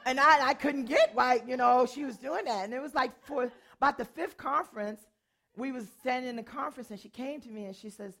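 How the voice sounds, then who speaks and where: An older woman pastor and worship leader, preaching in a storytelling way, animated and often laughing as she tells a personal story. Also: fairly high pitch, moderate pace. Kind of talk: sermon storytelling.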